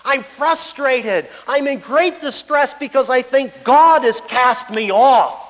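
A man's voice: extremely high pitch, slow pace, fairly bright tone, voice pushed up, full character voice. A man voicing a despairing sufferer who pleads with his friends in an impassioned way, recorded with a long hall reverb. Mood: anguished.

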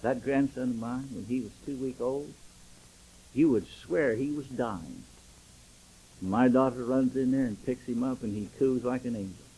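A man's voice: mid-range voice, moderate pace, mellow, slightly rough, low-quality recording. An older man, a pastor, preaching a sermon and acting out dialogue as he tells stories.

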